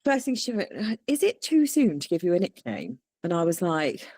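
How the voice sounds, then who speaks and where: Woman, lively sing-song delivery, salty storyteller, dry mic. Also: fairly low pitch, normal speed, hardly any pauses, no echo. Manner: swears freely, laughs while telling stories. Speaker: guest. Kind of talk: candid storytelling interview.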